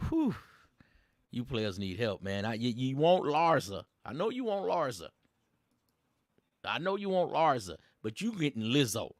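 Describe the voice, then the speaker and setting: A man's voice: medium pitch, big pitch swings, a little slow, long pauses, no room sound, clean studio sound. A man hosting a casual commentary show, mocking and teasing his audience in slangy speech. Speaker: host.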